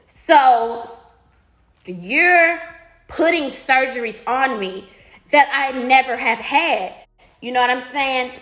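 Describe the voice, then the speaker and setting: A woman's voice: high voice, expressive, slow, a bit bright, highs cut off. A woman talking casually straight to her followers, blunt and profane, repeating herself when riled. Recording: echoey room.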